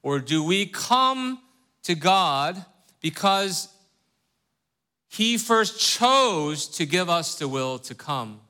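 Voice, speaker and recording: A man's voice: sits high, sing-song, sharp tone, smooth. A man teaching a Bible study who keeps asking his listeners questions and checking in with "right?", earnest and emphatic. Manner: earnest, reads scripture slowly with rising emphasis.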